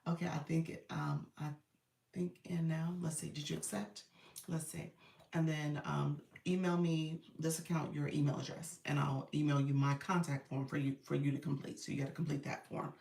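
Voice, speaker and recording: A woman's voice: low voice, little pitch movement, normal speed, vocal fry, darkish tone. A woman coach chatting casually on a live stream, loose and talkative with lots of fillers. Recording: roomy, distant phone audio.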